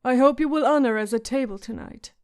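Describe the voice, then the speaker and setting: A woman's voice: sits high, brisk, darkish tone, no echo, studio quality. A woman voicing a wary teenage lord who speaks in a guarded, awkward way. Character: wary young lord, teenage boy, stiff.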